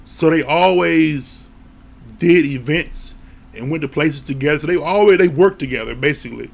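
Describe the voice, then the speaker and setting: Male show reviewer with a gravelly voice; animated, casual recap full of laughs and swearing. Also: on the high side, normal speed. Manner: animated storytelling, laughing often.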